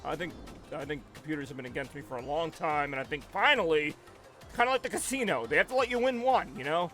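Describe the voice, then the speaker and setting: A man chats into his headset during a home live stream, his voice sitting high. He rambles in an animated way, and everything he says comes out sounding a little angry even when he is happy. Faint music plays underneath. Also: quick pace. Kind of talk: casual live-stream chat.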